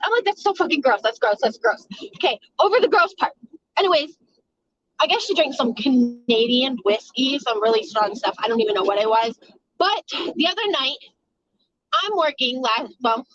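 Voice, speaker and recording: A woman's voice: high voice, animated, normal speed, dull audio, crowd noise. A woman telling a casual storytime about a night at work, rambling, swearing and laughing often.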